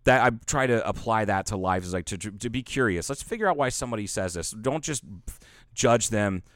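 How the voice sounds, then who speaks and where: A man's voice: on the low side, lively intonation, fairly quick, no echo, clean studio sound. A man co-hosting a podcast, telling a long rambling story in casual chat, swearing freely and acting out the lines. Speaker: podcast co-host.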